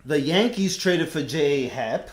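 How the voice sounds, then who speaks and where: Lively laid-back New York man. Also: on the high side, roomy sound. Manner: laid-back, laughing, halting restarts. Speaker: podcast co-host. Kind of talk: casual sports chat.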